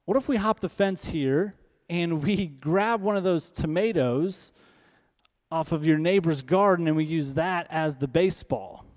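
A man's voice: fairly high pitch, unhurried, darkish tone, lightly acted. Man voicing an eager, scheming neighbor kid. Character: mischievous neighborhood boy with a dumb idea.

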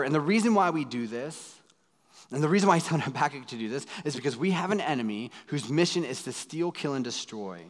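A man in his thirties, a pastor preaching a sermon in a dramatic way, going from loud pleading to hushed asides. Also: on the high side, animated, fast talker. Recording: long hall reverb.

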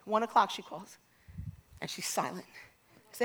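A woman's voice: mid-range voice, moderate pace, fairly bright tone. A woman preaching a sermon, telling stories and acting out the voices of the people in them before calling out to the congregation. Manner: storytelling, acts out quoted voices, builds to exhortation.

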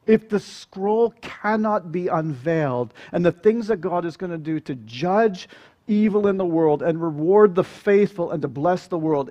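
A man delivering a sermon with a slightly raised pitch. He speaks earnestly, piling up phrases and pressing rhetorical questions with rising emphasis. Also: a little mellow. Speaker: preacher.

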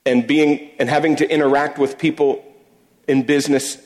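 A man's voice: fairly high pitch, little pitch movement, normal speed, a little mellow. A man giving a sermon-style talk, telling stories about faith at work, often restarting and repeating words. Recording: long echoey hall reverb.

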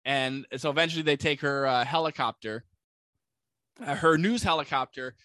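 A man tells a movie's story in loose, chatty fashion, packing his sentences with "like" and slipping into quick voices for the characters. His voice sits a bit high and sounds bright and forward. The recording is dry and close, with no room around him. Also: no room sound. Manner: animated, acts out characters with voices; many "like" fillers. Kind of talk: casual movie recap.

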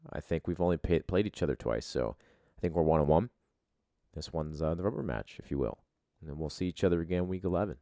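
A blunt man hosting a podcast casually and swearing freely. His voice is very deep. The sound is dry and close. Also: dry recording. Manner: blunt, profane opinions. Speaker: podcast host.

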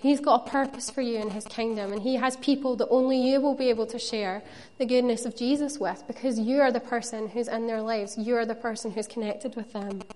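A woman's voice: a little high, a little mellow. A woman preaching a sermon, earnest and conversational, with playful asides to the congregation.

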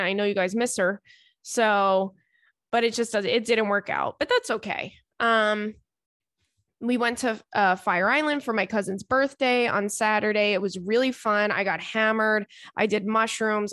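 A woman's voice: mid-range voice, fairly bright tone, dry recording, clean studio sound. A woman hosting a casual solo podcast from home, telling candid, profane stories in a chatty way. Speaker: podcast host. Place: home, indoors.

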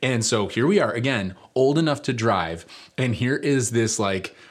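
A man preaching a sermon, telling a personal story in a relaxed, conversational way with many fillers. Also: mid-range voice, moderate pace. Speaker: pastor.

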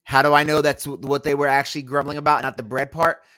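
A man's voice: on the high side, level tone, quick pace, pushed and bright, no room sound, clean studio sound. A man hosting a podcast at home, teaching a casual Bible study in an emphatic, argumentative way.

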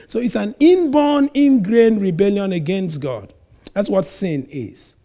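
A man preaching a sermon, reading scripture slowly and stressing words with sudden loud emphasis. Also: high-pitched, lively intonation.

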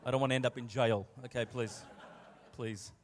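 Speaking at normal speed in a steady, medium-pitched tone, this man is a guest preacher bantering through his sermon with playful jokes and exuberant asides. The long reverb of the church hall hangs on every word.

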